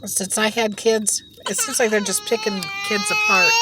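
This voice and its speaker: With heavy background noise, a mukbang vlogger chats from her car in a sing-song, mid-range voice, talking a little fast with few pauses. She eats while rambling through gossipy tales and laughing frequently.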